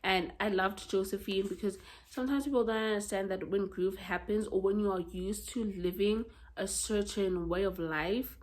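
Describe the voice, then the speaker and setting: A South African woman with a South African accent, chatting casually about books she has read in a blunt, expressive way and swearing freely. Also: mid-range voice, normal speed. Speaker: book vlogger. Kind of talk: casual book review chat.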